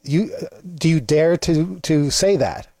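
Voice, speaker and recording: A man's voice: on the high side, measured pace, warm tone, no room sound. A man hosting a show, chatting casually in a playfully indignant, rambling way. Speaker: show host. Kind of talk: casual comedic chat.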